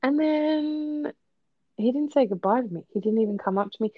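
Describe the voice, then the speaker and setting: A woman co-hosting a podcast, telling stories in an animated way and acting out both sides of conversations. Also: sits high, normal speed, dry recording, narrow, tinny audio. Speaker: podcast co-host. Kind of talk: casual chat.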